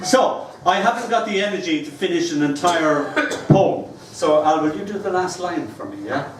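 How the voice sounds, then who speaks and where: An older Irish man performs his poems live, and between verses he slips into playful, teasing banter. His voice sits a touch high for a man. He is caught from some way off the mic, in a very echoey room with faint noise behind him. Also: animated, moderate pace, far from the mic. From Ireland. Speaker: poet. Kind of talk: live poetry reading.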